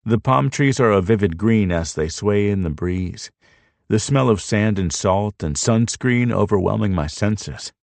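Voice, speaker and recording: A man's voice: fairly low pitch, animated, a little slow, creaky, darkish tone, no echo. A man narrating an audiobook in first person, with a reflective, tender storytelling manner.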